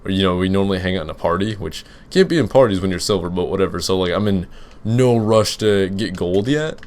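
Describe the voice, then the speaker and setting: A man's voice: low voice, fairly quick, a little mellow. A young man who makes gaming videos, answering viewer questions while playing, rambling with lots of fillers and restarts. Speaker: gaming YouTuber. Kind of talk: casual Let's Play commentary with Q and A.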